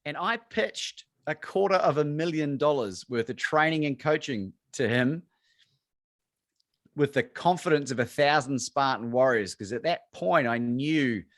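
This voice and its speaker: A little slow and fairly bright in tone, an Australian man with a mid-range voice, a courage coach guesting on a video call, narrates a story and performs both parties in his phone calls. The audio is clean studio sound without echo.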